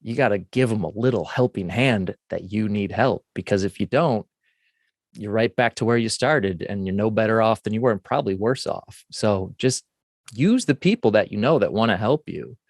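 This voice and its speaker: A man's voice: fairly low pitch, normal speed, dry recording, clean studio sound. A man co-hosting a podcast, leading a gambling recovery support meeting in a plainspoken, folksy way. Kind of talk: casual recovery meeting talk.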